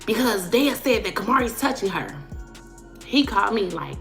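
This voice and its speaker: A woman's voice: mid-range voice, expressive, normal speed, vocal fry, fairly bright tone, soft background music. Slangy woman telling a story. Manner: casual slangy storytelling, dismissive. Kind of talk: storytelling in a video.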